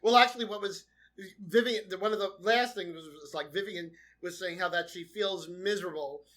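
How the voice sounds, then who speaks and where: A man's voice: high-pitched, normal speed, bright, forceful tone. A man co-hosting a podcast, often murmuring agreement and echoing his partner's lines back. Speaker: podcast co-host. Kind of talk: casual recap chat.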